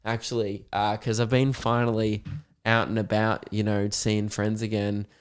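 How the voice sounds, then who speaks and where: A man's voice: on the low side, moderate pace, clean tone. Swearing, laughing Australian man. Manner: swearing, laughing, animated storytelling. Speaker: podcast host. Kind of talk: casual chat.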